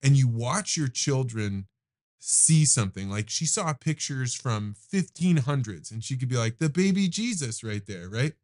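A man's voice: medium pitch, lively intonation, darkish tone. Reflective man hosting a podcast. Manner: reflective storyteller, eager, speeds up and slows down. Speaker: podcast host. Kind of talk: casual conversation.

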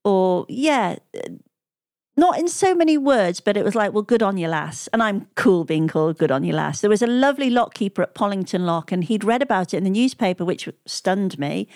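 A woman's voice: medium pitch, animated, normal speed, a little mellow, no room sound, studio quality. A woman telling stories as an interview guest, chatting freely, laughing often and quoting the people she met. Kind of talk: conversational storytelling.

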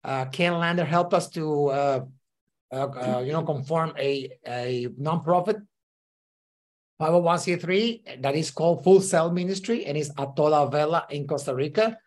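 A man with as his tells his story as a podcast guest. He leans on lots of "uh" fillers and acts out the voices of the people he quotes. His voice sits a little higher than most men's. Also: normal speed, a little mellow. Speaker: ministry leader, guest. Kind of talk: casual interview storytelling.

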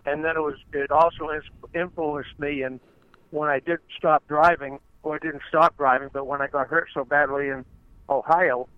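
A man's voice: fairly high pitch, steady tone, moderate pace, clean tone, no room sound. Older man spinning long stories, muffled. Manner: rambling, restarts phrases often. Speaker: guest, retired race car driver. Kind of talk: conversational storytelling. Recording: dull lo-fi audio.

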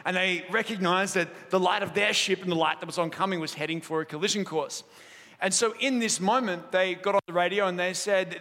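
Bright-voiced pastor preaching in a reverberant hall. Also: male voice, high voice, brisk. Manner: lively storytelling, jokes with the room. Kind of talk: sermon. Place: church auditorium. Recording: long hall reverb in a church auditorium.

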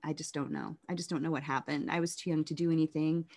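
A woman telling her life story in an interview, candid and reflective, often halting and restarting. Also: low-pitched, fairly even intonation, darkish tone.

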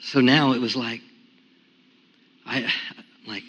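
A pastor giving a sermon with a personal testimony, going from quiet, hushed telling to loud, high-pitched praise. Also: male voice, steady tone, a little slow, long pauses, lo-fi sound. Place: church sanctuary. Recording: echoey church sanctuary.

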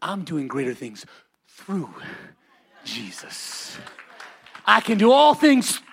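A male pastor delivering a sermon. His voice sits unusually high and swings widely in pitch. He climbs into shouted passages and calls on the congregation to repeat phrases back to him. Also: huge pitch swings, slow, gravelly, breathy edge. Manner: preaching, often rising to shouts, calls for congregation responses.

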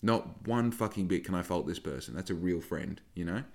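Deep-voiced man rambling and swearing. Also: animated, a little fast. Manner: swears freely, rambling and frank. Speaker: podcast host and small business owner. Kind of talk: casual rambling monologue.

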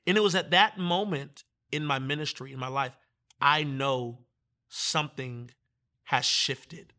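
Bright-voiced man telling a testimony. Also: mid-range voice, unhurried. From Virginia, US. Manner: animated, acts out quoted voices. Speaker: guest minister. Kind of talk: testimony storytelling in conversation.

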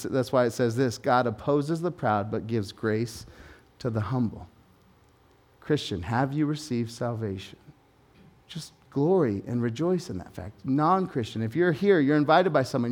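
Impassioned male preacher, loud to hushed. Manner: impassioned, swings between loud urgent proclaiming and low conversational asides; informal, joking tangents with everyday examples. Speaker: pastor. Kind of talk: sermon. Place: church service.

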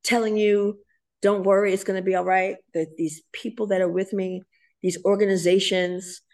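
A middle-aged woman in a podcast interview, telling stories with animated emotion and frequent laughter. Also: mid-range voice, moderate pace. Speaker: guest choreographer and dancer.

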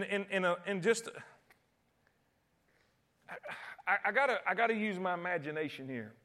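A man with a high voice preaching a sermon. He repeats phrases and restarts often, driving his points home emphatically. He swings between loud cries and hushed, low tones.

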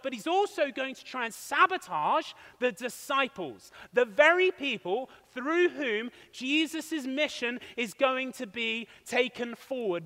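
A high-voiced man with a bright, forceful tone delivers a sermon as pastor. He retells the story in a steady, explanatory way. His voice rings out with a long reverb in a large hall.

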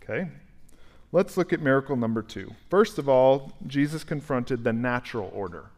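A male pastor preaching a conversational, animated sermon and asking the congregation questions in a church sanctuary. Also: medium pitch, normal speed.

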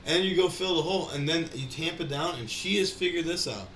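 Casual male co-host, bright tone, rambling sports and dog talk energy, echoey room recording. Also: fairly high pitch, fast. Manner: rambling, profane, animated. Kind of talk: casual chat. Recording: echoey room, faint background noise.

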